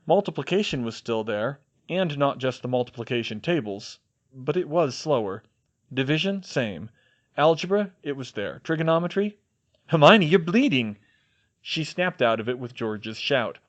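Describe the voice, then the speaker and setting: Expressive man reading an audiobook. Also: mid-range voice, moderate pace. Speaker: audiobook reader. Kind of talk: fan fiction audiobook narration.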